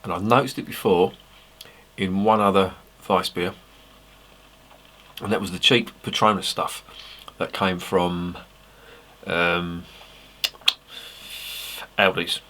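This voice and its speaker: A man's voice: sits low, steady tone, takes it slowly, pauses often, a bit bright. An English man reviewing a beer on camera in a casual, rambling way, swearing freely and making self-mocking asides. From England.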